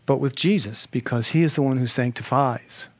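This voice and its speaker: A male pastor delivers a sermon in a lively way, firing off rhetorical questions and dropping in humorous asides. His voice sits at an ordinary middle pitch for a man. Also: moderate pace.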